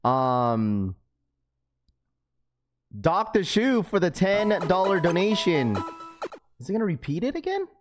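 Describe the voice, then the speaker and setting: A man hosts a casual livestream with a fairly high-pitched voice. He chats loosely and laughs often as he works through shout-outs for donations. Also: wildly swooping pitch, slow pace, pauses often, over music. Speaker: livestream host.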